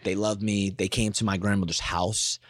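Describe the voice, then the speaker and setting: A man from Baltimore, a journalist, telling lively stories in an interview and acting out the quotes. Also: moderate pace, no echo, studio quality. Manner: animated, acts out quotes in high voices. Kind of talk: casual storytelling in an interview.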